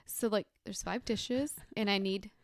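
A woman in her thirties co-hosting a casual podcast, telling a story and getting animated as it builds. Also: a little slow, no echo, studio quality. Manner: animated storyteller, rises high when excited. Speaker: podcast co-host.

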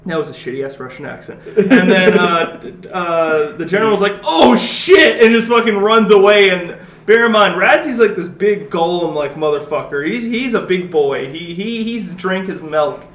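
A man's voice: high voice, animated, normal speed, hardly any pauses, fairly bright tone, roomy sound. A young man swearing and laughing as he recaps a web series he made, in a casual chat. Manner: crude, swears a lot, laughs often.

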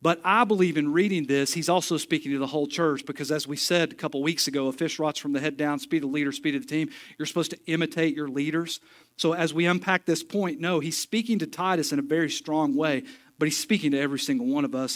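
A man's voice: fairly high pitch, a little fast. A man preaching a sermon in a church, folksy and joking, with emphatic stretches. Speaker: pastor. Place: church sanctuary.

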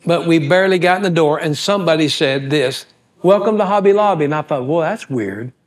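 A man preaching a sermon as pastor, telling folksy, animated stories and acting out the voices of people in them. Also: fairly high pitch, brisk. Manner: folksy, animated storyteller who acts out quoted voices. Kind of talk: storytelling sermon.

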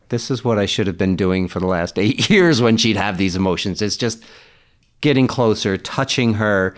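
A man talking in a relaxed, earnest way about parenting and mentoring, often quoting people. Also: fairly low pitch, moderate pace. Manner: earnest, reflective, quotes others in animated voices. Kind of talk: casual conversation.

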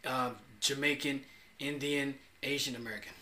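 A man co-hosting a podcast in casual chat, animated and slangy, often saying "bro". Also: mid-range voice, moderate pace, slight background noise. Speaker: podcast co-host. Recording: roomy echo.

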